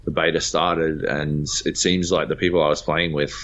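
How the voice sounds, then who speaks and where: On a gaming podcast, a male co-host with a bass voice speaks at normal speed, spinning an animated story full of swearing and acted-out voices in casual chat. The podcast audio is dull and lo-fi.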